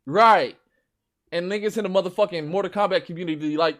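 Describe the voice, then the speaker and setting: A man with a Chicago accent, hosting a stream with loud, profane, boastful trash talk about games. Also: high-pitched, fairly quick. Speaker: stream host. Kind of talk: casual gaming chat.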